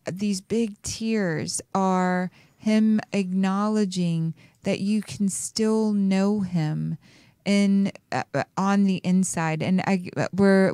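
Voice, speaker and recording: A woman hosting a radio show, giving a caller a slow, soothing reading with many pauses and fillers. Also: mid-range voice, dark tone, clear, resonant tone, no echo, studio quality. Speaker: radio show host and intuitive reader.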